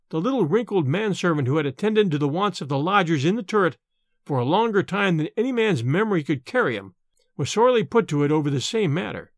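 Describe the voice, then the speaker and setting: A man giving a measured, scripted audiobook narration of a classic horror tale. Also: high voice, no room sound, clean studio sound.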